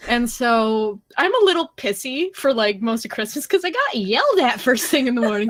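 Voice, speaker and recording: A woman's voice: a little high, big pitch swings, moderate pace. Laughing, rambling young woman storyteller. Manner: rambling storyteller, laughs often, snarky asides. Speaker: podcast co-host. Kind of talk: casual chat.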